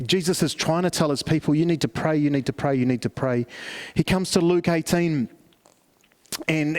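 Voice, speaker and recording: A man's voice: a little high, a little mellow. A middle-aged man preaching a family service sermon, telling stories conversationally with many restarts. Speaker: pastor.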